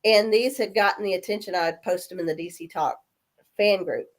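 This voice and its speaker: A woman in her forties, coming down with a cold, telling animated stories in a casual chat and acting out the voices of people in them. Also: mid-range voice, brisk. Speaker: guest. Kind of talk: casual storytelling.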